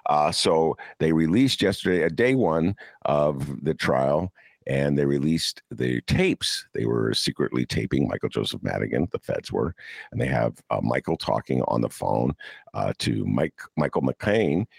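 A man's voice: very deep voice, expressive, measured pace, creaky, breathy edge, no echo. An older man hosting a political talk show, sarcastic and ranting. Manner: sarcastic, ranting, mocks people in put-on voices. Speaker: podcast host.

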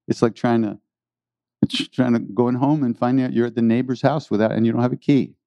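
A man's voice: mid-range voice, steady tone, a little fast, creaky, mellow, dry recording, lo-fi sound. A man giving an informal spiritual talk to a live audience, earnest and rambling, often repeating his phrases.

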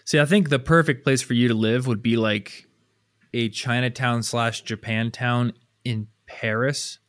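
A man's voice: mid-range voice, steady tone, measured pace, fairly bright tone, no room sound, studio quality. A man co-hosting a podcast in casual chat, teasing and playful. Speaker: podcast co-host.

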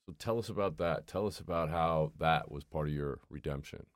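Man, interview host, very low voice, encouraging questions, dry recording. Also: brisk, clean tone, no room sound. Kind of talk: interviewing a guest.

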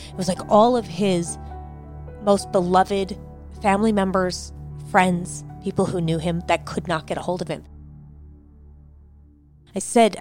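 A woman's voice: fairly low pitch, a little mellow. A woman giving personal interview testimony, earnest and emphatic, acting out what others said. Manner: earnest, emphatic, recounting with quoted dialogue. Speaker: interviewee, daughter recounting family events.

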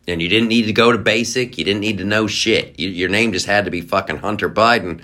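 Talking fairly quickly in a lowish, sharp-toned voice, a man hosting a podcast rants sarcastically about politics, swearing freely and lampooning others with exaggerated voices.

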